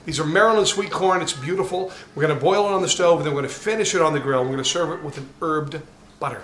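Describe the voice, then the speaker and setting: Male home cook host, casual and jokey, bit higher voice, outdoor camera-mic sound. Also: fast. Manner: upbeat, jokey, gets loud and excited. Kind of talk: casual cooking demo. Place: outdoor backyard grill area. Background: faint burner roar and outdoor noise.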